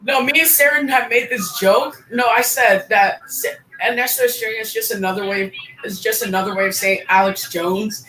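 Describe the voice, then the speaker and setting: A guest on a casual fan review podcast, jokey and excitable, cutting in often. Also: medium pitch, slight background noise, rough recording. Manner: excited, jokey, quick interruptions.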